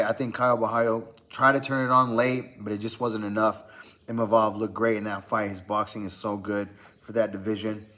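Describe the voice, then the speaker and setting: Male podcast host, casual fight-preview chat, relaxed and filler-heavy delivery. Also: medium pitch. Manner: loose and conversational, lots of "man" and "uh". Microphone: podcast mic.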